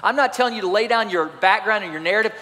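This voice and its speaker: A man preaching a sermon as pastor, animated and swinging between loud and soft delivery. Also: sits high, rapid-fire. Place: church sanctuary. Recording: church hall reverb.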